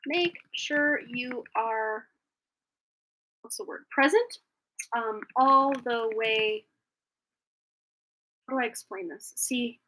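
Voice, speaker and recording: Bright-voiced chatty woman. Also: a little high, slow, pauses often, a little hiss or hum. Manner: chatty, rambling, laughs often. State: slightly phlegmy after being sick. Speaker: tarot reader on a live stream. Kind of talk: casual live-stream chat.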